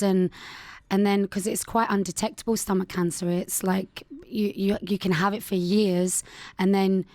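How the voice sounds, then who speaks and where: A thirty-year-old woman from the UK, speaking as a radio guest at an average pitch. She is on a dry studio mic with no room sound. Her talk is frank and halting, full of fillers. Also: darkish tone, dry recording. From United Kingdom. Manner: candid, hesitant, many fillers like "um" and "like". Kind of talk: radio interview. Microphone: studio microphone.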